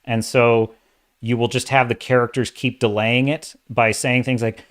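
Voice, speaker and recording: A man's voice: mid-range voice, little pitch movement, moderate pace. A man hosting a casual livestream of entertainment commentary, opinionated and exasperated, talking in bursts with restarts. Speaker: host of a sci-fi and fantasy commentary channel.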